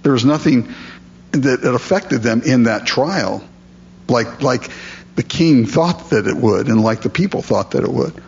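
A man preaching a sermon, reading scripture aloud and then explaining it in a relaxed, conversational way. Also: mid-range voice, unhurried, creaky, lo-fi sound, slight background noise. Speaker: pastor.

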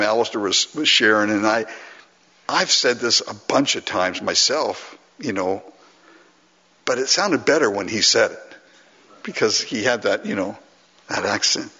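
A man's voice: medium pitch, lively intonation, moderate pace, sharp tone, husky. A man preaching a sermon to a congregation in a conversational way, with frequent restarts and asides to the listeners. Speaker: pastor. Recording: dull lo-fi recording with long hall reverb.

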